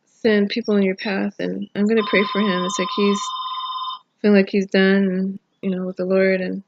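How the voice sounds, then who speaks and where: A woman's voice: mid-range voice, level tone, moderate pace, creaky, muffled recording. A middle-aged woman sharing an emotional, prayerful personal testimony in a video diary, tearful and rambling at times. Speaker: vlogger. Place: home. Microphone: phone camera.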